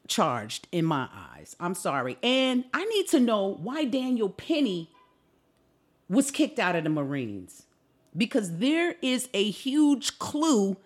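A woman hosting a solo podcast, talking in an impassioned, indignant way and asking rhetorical questions. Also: mid-range voice. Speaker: podcast host. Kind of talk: opinionated solo podcast commentary.

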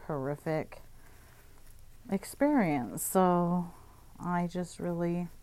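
Exasperated woman ranting with a mellow voice. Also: low-pitched. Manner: profane, exasperated, heavy use of "like". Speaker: vlogger. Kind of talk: casual storytime rant.

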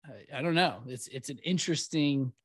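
A man co-hosting a podcast, speaking thoughtfully and a little haltingly, often restarting as he works through an idea. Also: fairly high pitch, husky, dry recording, clean studio sound. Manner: halting, soft-spoken, many restarts; thoughtful, confessional. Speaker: podcast co-host. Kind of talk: casual podcast chat.

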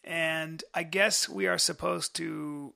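Man, comedy podcast co-host, brash and swearing, gravelly edge, bright forceful tone. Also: on the high side, steady tone, takes it slowly. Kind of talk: casual comedic banter.

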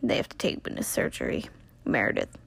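A young woman, sounding tired, recaps a TV episode quickly in a casual, rambling way, full of "like" and acted-out character lines. The recording has no room sound.

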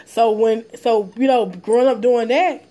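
A woman's voice: a little high, fairly even intonation, measured pace, mellow. A woman talking bluntly and passionately in a casual podcast chat, often repeating words when worked up.

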